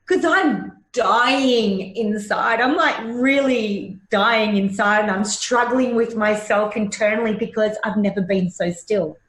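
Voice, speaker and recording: A woman's voice: mid-range voice, slow, hardly any pauses, fairly bright tone. A woman in her forties, a hypnotherapist guest, telling a personal story in a blunt, emotional way and swearing freely. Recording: roomy echo.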